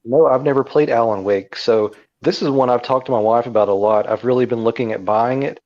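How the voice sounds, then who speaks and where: A man's voice: mid-range voice, brisk, darkish tone, highs cut off. A man co-hosting a casual video game chat, earnest and friendly. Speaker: co-host.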